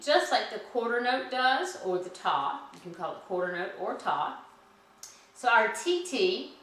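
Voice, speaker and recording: Woman music teacher, bright and unhurried, filmed in a very echoey room from far off with background hiss. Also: on the high side. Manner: cheerful and slow, chants rhythm syllables. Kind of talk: children's music lesson. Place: indoor room at home. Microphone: camera some distance away.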